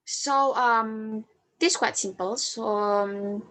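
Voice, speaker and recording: Young woman, Indonesian native speaker, student presentation, slow unhurried delivery, halting with ums and restarts. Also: a little high, a bit bright. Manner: halting, with fillers, restarts and self-corrections. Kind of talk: class presentation on phonetics.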